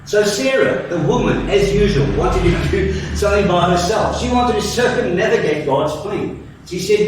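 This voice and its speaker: A man's voice: high-pitched, animated, moderate pace, hardly any pauses, a little hiss or hum. A man preaching a sermon and telling the story playfully, acting out its voices with jokes. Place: church hall. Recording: echoey church from far off.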